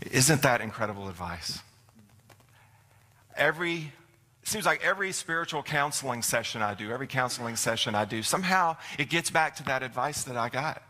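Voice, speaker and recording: A middle-aged man with a medium-pitched, sharp-toned voice preaches a folksy, storytelling sermon as a church minister. He is in a church sanctuary, and the recording carries a long hall reverb.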